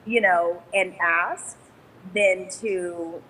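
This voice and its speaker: A woman guest chatting casually in an interview, upbeat and quick to laugh. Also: lowish voice, steady tone, a bit bright, low-quality recording. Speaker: guest, business developer.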